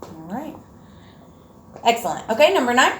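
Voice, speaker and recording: A woman teacher running a reading lesson, encouraging and sounding words out slowly. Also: a little high, big pitch swings, a bit bright. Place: classroom. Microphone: far camera. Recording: echoey room from far off.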